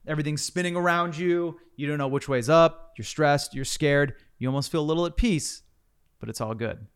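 Man, podcast host, smooth clear voice, casual storytelling, swears freely. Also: fairly high pitch, fairly quick. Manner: storytelling, swearing, builds suspense.

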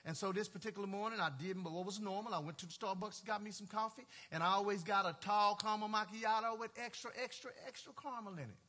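A male pastor with a very high, bright and piercing voice preaches in a lively, storytelling way. He laughs often and throws casual asides to his congregation. His speech is loose and colloquial, full of "y'all" and "ain't". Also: fast talker, hardly any pauses. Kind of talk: storytelling sermon.

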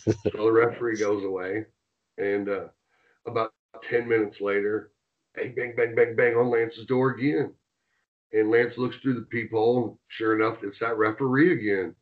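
Male interview guest, low voice, animated storyteller who swears freely; dull, lo-fi sound. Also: normal speed. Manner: animated, swears, acts out quotes. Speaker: interview guest, former wrestler. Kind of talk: casual storytelling.

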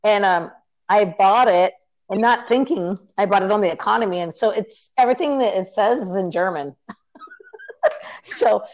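A woman co-hosting a podcast joins remotely, chatting casually in a medium-pitched voice at a moderate pace over a muffled recording. She's a chatty storyteller who laughs often and uses plenty of fillers.

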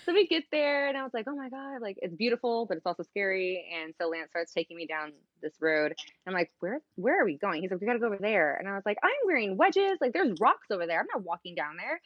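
A woman's voice: medium pitch, fast, no room sound, dull audio. Chatty young woman telling a story. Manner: animated, acts out quoted dialogue, heavy use of "like". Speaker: podcast guest. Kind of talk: casual chat, storytelling.

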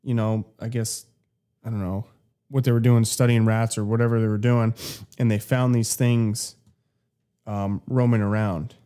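Mellow-voiced man telling facts casually. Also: on the low side, little pitch movement, normal speed, clean tone. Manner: playful, confident, hesitant fillers. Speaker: podcast co-host. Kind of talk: casual chat.

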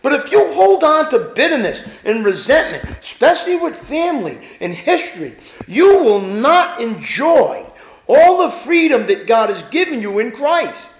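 High-voiced animated male pastor. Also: moderate pace, roomy sound. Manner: animated preaching, rhetorical questions to the congregation. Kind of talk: sermon.

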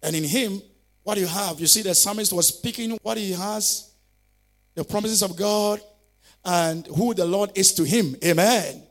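A man's voice: sits high, a little slow. A male pastor preaching a fervent sermon, calling on listeners to repeat declarations after him.

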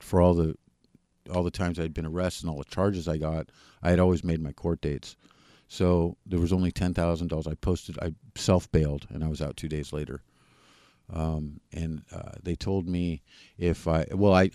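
A man, a podcast guest, candidly telling his personal recovery story in a plain-spoken, halting way with frequent restarts. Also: rumbling low, warm tone, no echo, studio quality.

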